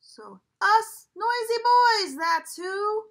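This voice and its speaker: A woman voicing a rowdy gang of shouting little boys in a children's picture book. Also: extremely high pitch, very slow, whispered, pitched above the performer's own voice, full character voice. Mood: shouting gleeful. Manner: loud, shouting, gleeful.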